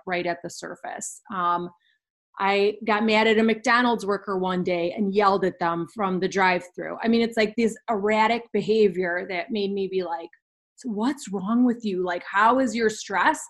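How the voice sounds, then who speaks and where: A young woman in her twenties, a podcast guest candidly telling a personal story in an earnest way. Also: mid-range voice. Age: 20s.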